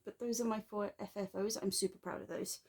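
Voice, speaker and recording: A woman chatting casually in a craft vlog, rambling and self-deprecating with quick asides. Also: medium pitch, steady tone, darkish tone. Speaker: flosstube vlogger. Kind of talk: casual chat.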